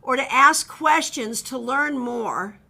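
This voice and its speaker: A woman with a high, bright voice reads tarot cards on a live stream. She talks in a chatty, direct way, greets viewers one by one and gives blunt advice. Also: slow pace. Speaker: tarot reader. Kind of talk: live-stream card readings.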